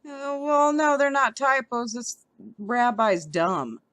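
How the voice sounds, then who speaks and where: A woman's voice: a little high, slow, fairly bright tone, no room sound. A woman vlogger giving heated commentary as she reads an article aloud, often stumbling over her words.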